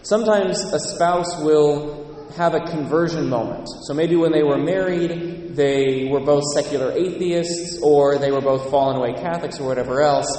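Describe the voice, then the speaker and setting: A man's voice: fairly high pitch, moderate pace, hardly any pauses, warm tone. A male priest giving an earnest, conversational sermon in a large church. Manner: earnest, conversational preaching with quoted voices. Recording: echoey church, distant mic.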